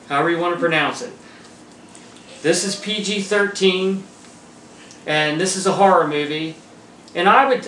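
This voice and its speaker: Chatty man with a higher voice. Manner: chatty, relaxed, laughs between points. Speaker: movie review host. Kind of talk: casual home video review. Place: room at home by a table. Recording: roomy echo, mic far off, faint hiss.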